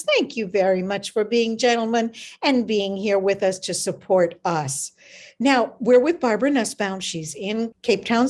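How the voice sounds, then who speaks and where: A woman hosting a radio talk show, chatting casually with her guest and laughing easily. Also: on the high side. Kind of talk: casual interview chat.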